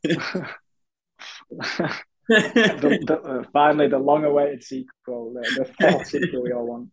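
Husky podcast guy, kinda hesitant, self-deprecating, casual chat. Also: fairly high pitch, animated, a little slow, low-quality recording. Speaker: podcast co-host.

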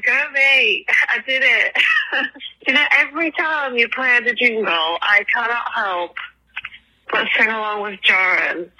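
A woman's voice: fairly high pitch, measured pace, bright, forceful tone, husky, low-quality recording. A woman from England leaving a rambling phone voicemail for a podcast while out of breath from walking her dog. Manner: rambling, lots of ums and likes. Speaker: caller.

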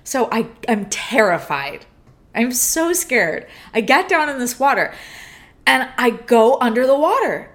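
Woman, thirties, podcast co-host, casual storytelling, lively pitch, theatrical. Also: measured pace.

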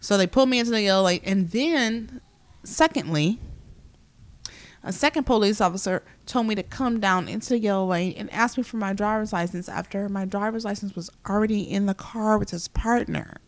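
A woman's voice: mid-range voice, brisk. A woman co-hosting a casual chat among friends, telling a story in a blunt, profane way. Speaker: podcast co-host.

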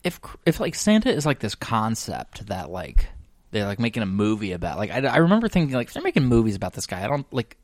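A young man chats on a podcast, recorded close and dry with no room sound. He tells his stories with energy and slips into quick quoted voices for the people in them. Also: on the low side, dry recording. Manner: animated storyteller acting out quoted voices. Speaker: podcast co-host. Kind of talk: casual chat.

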